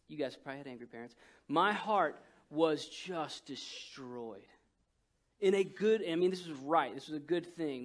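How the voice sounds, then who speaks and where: A male pastor with a high voice preaches with lively storytelling. He jumps from loud, excited bursts to soft, hushed lines. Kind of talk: sermon.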